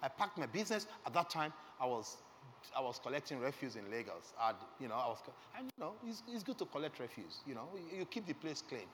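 Middle-aged man, heartfelt sermon testimony, very animated intonation, hall reverb. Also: mid-range voice, fast talker. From Nigeria. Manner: earnest, emotional storytelling, asks the audience questions. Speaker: preacher. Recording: reverberant hall with faint background noise.

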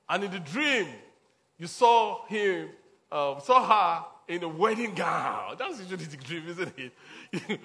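A man's voice: high voice, pushed and bright. A man preaching a sermon as a pastor, repeating his points emphatically and chuckling between them.

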